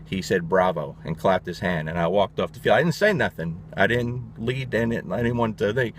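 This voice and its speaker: A middle-aged man with a lowish voice tells a story in a loose, animated way. He talks bluntly and swears now and then. A faint hum sits under the recording. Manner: animated, blunt and profane, quick restarts. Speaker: dog trainer. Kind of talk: casual storytelling.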